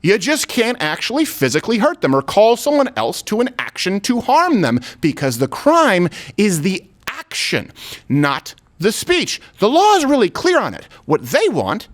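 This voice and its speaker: Animated man with a lively voice. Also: normal speed. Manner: animated, sarcastic, swings from loud high bursts to low asides. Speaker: host. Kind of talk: political commentary chat.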